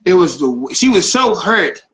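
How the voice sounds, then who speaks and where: A man's voice: sits high, very animated, moderate pace, fairly bright tone. A man co-hosting a casual chat, telling frank personal stories and laughing often. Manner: laughs often, candid storytelling. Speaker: podcast co-host.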